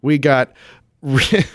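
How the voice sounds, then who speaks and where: A man's voice: medium pitch, lively intonation, drawn-out words, a bit bright, no room sound, studio quality. A man co-hosting a casual podcast, reading listener mail with frequent laughter. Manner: upbeat, laughs often. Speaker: podcast co-host.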